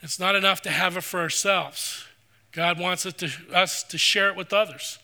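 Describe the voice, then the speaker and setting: Bright-voiced preaching pastor, man. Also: high voice, fairly even intonation. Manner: earnest, preacherly, slows for scripture. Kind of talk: sermon. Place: church sanctuary.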